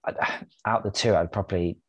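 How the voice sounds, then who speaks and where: A man's voice: deep voice, fairly even intonation, normal speed, breathy edge, no room sound, muffled recording. A man as a guest on a casual podcast, giving brief agreeing replies.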